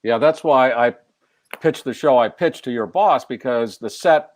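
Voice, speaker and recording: A man's voice: mid-range voice, measured pace, no room sound. Playful older man hosting, dry sound. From United States. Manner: joking, playful, riffs with puns. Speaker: talk show host. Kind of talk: casual interview chat.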